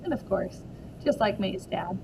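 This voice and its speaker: A woman's voice: medium pitch, animated, unhurried, gravelly, noisy background. A woman in her thirties reading a storybook aloud to children and asking them questions along the way. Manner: warm, asks children questions.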